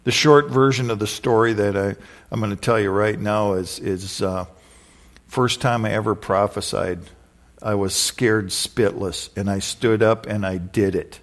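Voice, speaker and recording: A man's voice: on the low side, fairly even intonation, unhurried. A man preaching a casual, conversational sermon, repeating phrases and telling personal stories. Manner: conversational, repeats phrases, acts out quoted voices.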